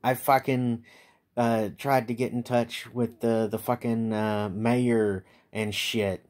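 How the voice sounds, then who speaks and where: Man, vlogger, late-night rant; slow, halting delivery, bitter and profane. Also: mid-range voice, little pitch movement, darkish tone. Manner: bitter, profane and resentful, with many halting restarts. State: tired. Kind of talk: late-night venting monologue.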